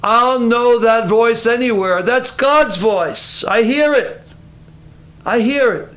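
An eager young boy, put on by a preacher telling a story, talks in earnest, insistent bursts. The voice sits high and bright. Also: slow, full character voice.

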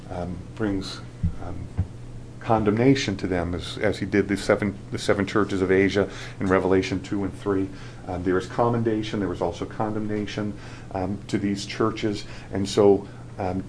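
A man's voice: on the low side, darkish tone, a little hiss or hum. A man preaching a sermon, restarting phrases with fillers and rising into an emphatic, repetitive cadence. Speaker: pastor.

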